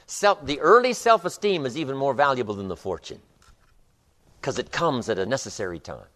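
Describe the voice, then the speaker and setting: A man's voice: medium pitch, big pitch swings, fast talker, a bit bright. A man giving a live motivational seminar, speaking emphatically with rhythmic repetitions and storytelling. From United States.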